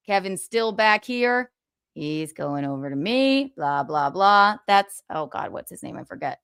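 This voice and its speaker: A woman's voice: mid-range voice, animated, measured pace, fairly bright tone, clear, resonant tone, no echo, studio quality. A woman in her thirties hosting a livestream, giving casual gossip commentary with sarcastic, profane asides and laughter. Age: 30s. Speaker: livestream host.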